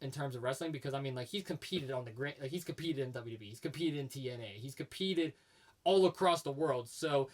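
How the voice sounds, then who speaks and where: Man co-host, relaxed chatter, sits back from the mic. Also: mid-range voice, far from the mic. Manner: easygoing, chatty, drawn-out fillers. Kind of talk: casual podcast chat. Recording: voice a bit off the mic.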